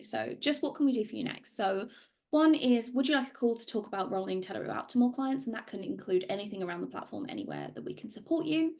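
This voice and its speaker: A woman hosts a webinar Q&A over a video call. Her voice sits a bit high with a gravelly fry, and she moves through audience questions in a friendly, organised way. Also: warm tone. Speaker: webinar host. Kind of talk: webinar presentation and Q&A.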